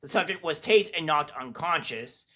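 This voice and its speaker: A man hosting casual political commentary, talking in a scornful, mocking way with many halting fillers. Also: a little high, expressive, crowd noise. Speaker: commentary host.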